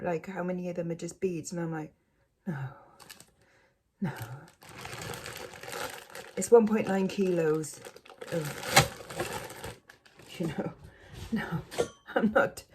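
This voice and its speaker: A woman's voice: lowish voice, darkish tone, a little hiss or hum. A woman vlogging casually from home, rambling and self-mocking, with many fillers. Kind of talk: casual chat to camera.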